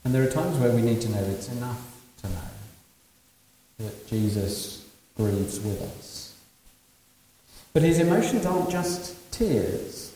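A male preacher with a mellow, warm voice delivers a sermon, asking rhetorical questions and moving between hushed and raised passages. He sounds far from the mic in a long, echoing hall, with a faint hiss underneath. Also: medium pitch, big pitch swings, measured pace, pauses often. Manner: asks rhetorical questions and swings from quiet to loud.

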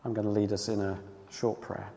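A man's voice: lowish voice, level tone, a little fast, vocal fry. Man preaching in a reverberant hall. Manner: emphatic, swings from loud cries to hushed, earnest tones. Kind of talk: sermon.

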